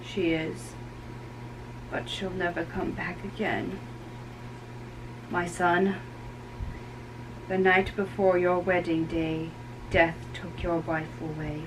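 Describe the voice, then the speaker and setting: A young performer reading the part of a grieving older nobleman, forcing the voice deep and mournful in a play recorded from a distance. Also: level tone, background noise, close to an everyday voice. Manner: slow, mournful, heavy.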